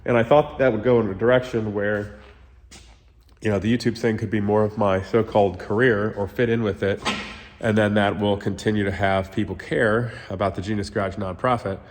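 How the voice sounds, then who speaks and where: A man's voice: lowish voice, steady tone, a little fast. Man, car vlog host, rambly and candid, chatting to viewers in his shop, under the weather. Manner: candid, rambling, talks to viewers as "you guys". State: sick. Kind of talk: casual vlog walkthrough.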